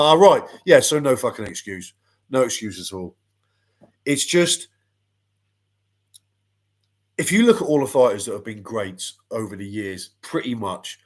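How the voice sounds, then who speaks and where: Blunt, sweary boxing pundit. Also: male voice, mid-range voice, breathy edge. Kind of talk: casual panel chat.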